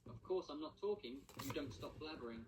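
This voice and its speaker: A man's voice: on the high side, animated, a little fast, lightly acted. A synthetic male voice reading the lines of an irritated young male wizard chatbot, curt and exasperated. It is played through a device speaker and picked up from across the room. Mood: annoyed. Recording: device speaker heard from far off, noisy.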